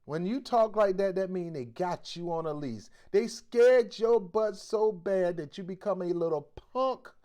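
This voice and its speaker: Forceful, preachy male host. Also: high voice, unhurried, hardly any pauses. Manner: forceful, exhorting, blunt street slang. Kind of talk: preachy commentary.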